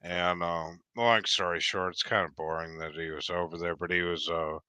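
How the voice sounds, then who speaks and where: A man with a deep, clear, bright-edged voice tells a long story in loose, casual chat. He swears freely and keeps stopping to restart his sentences. The sound is dry and close. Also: steady tone, moderate pace, dry recording. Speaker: guest.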